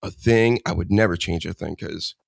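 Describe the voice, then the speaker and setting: A man's voice: low-pitched, moderate pace, vocal fry, no echo, clean studio sound. A man hosting a casual comedy podcast, rambling and teasing his co-host in a joking way.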